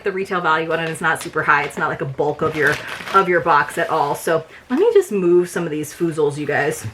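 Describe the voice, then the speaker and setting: A woman's voice: on the low side, fairly bright tone. Chatty young woman unboxing products. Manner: chatty, upbeat, lots of fillers. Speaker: subscription box reviewer. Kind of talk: casual unboxing vlog. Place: home filming room.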